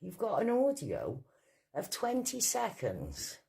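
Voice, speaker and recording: A woman's voice: low-pitched, big pitch swings, a little slow, darkish tone. A woman from Wales with a Welsh accent, ranting combatively and swearing freely in a vlog. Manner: combative, profane, mocking. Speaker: vlogger. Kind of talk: angry vlog rant.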